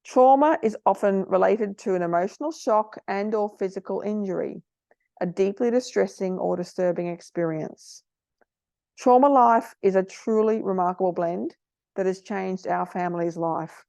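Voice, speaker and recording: This is a middle-aged woman hosting a casual talk for parents, earnest and heartfelt. Her voice carries a gravelly fry. The sound is dry and close, with no room around it. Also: medium pitch, moderate pace, no echo. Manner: earnest, gets emotional, warm advice. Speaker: host.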